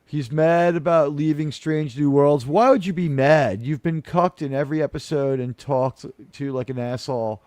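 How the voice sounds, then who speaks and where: A man's voice: on the high side, normal speed, hardly any pauses, a little mellow, dry recording. A man hosting a casual podcast panel, talking in a rambling, sarcastic way with mocking asides. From United States.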